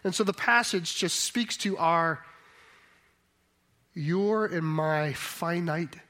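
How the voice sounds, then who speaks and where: Slightly high-voiced reflective male pastor. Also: slow pace, sharp tone. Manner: thoughtful, reflective, rising to emphatic. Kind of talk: sermon.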